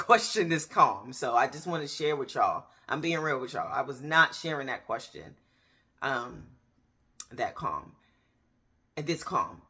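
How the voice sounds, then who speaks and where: A woman in her thirties giving a candid personal faith testimony, talking straight to her viewers with pauses and restarts. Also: very deep voice, sharp tone, slightly rough. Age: 30s. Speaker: faith vlogger. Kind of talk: personal faith testimony, casual talk to camera.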